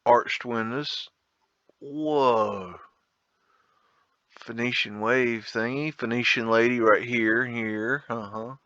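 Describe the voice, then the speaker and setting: A man's voice: medium pitch, steady tone, slow, pauses often, pushed and bright, dry recording, muffled recording. A man hosting a casual photo tour, rambling, blunt and profane, with a folksy drawl. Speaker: video host.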